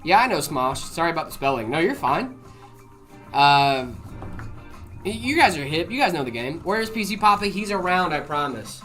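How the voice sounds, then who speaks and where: A man co-hosting a live stream, talking in a loose, rambling, friendly way as he answers chat. His voice sits a little high and sounds bright and forceful. Soft music plays behind him. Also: big pitch swings, normal speed. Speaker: livestream co-host. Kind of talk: casual chat.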